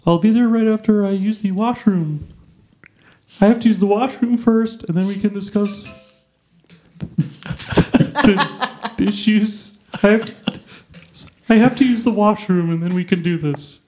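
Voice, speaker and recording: Casting: a man as a fussy, nervous president, high and puppet-like. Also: unhurried, long pauses, background noise. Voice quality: high and Muppet-like. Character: high, fussy old-time president, anxious.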